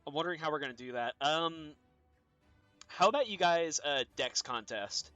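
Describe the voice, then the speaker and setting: A man's voice: fairly high pitch, lively intonation, normal speed, bright, forceful tone, no room sound, soft background music. A man narrating a tabletop game as game master, hesitant, with many ums.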